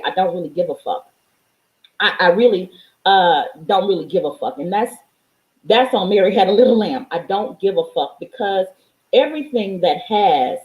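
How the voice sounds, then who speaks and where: A woman's voice: on the high side, a little mellow. Fervent, swearing woman in an echoey room. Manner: profane, fervent, preachy. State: near tears. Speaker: spiritual vlogger. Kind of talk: emotional spiritual monologue.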